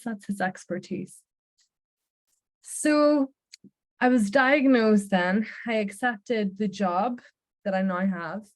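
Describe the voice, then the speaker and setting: A woman with a Northern Irish accent, giving an earnest, heartfelt personal faith testimony. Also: medium pitch. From Northern Ireland. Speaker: Christian speaker sharing her testimony.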